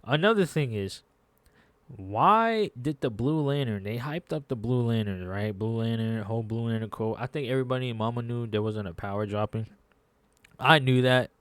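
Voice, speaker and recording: A man rants casually to his viewers, exasperated, circling back to the same complaints in loose slang. His voice sits at an ordinary middle pitch. The sound is close and dry, with no room echo. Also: normal speed, smooth. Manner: exasperated, repetitive, slangy ranting. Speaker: gaming YouTuber. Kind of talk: casual gaming commentary rant.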